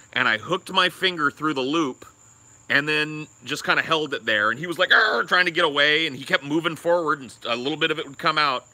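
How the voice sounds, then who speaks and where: A man's voice: on the high side, sharp tone, no echo. A young man co-hosting a podcast, telling a rambling, crude story and swearing a lot. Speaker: podcast co-host.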